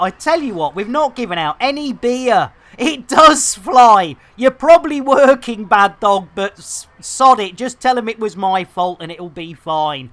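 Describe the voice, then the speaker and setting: A woman's voice: a little high, a bit bright. A woman, chatting casually and self-mockingly while streaming a game, laughing and swearing mildly. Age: 50s. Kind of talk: casual live-stream chat.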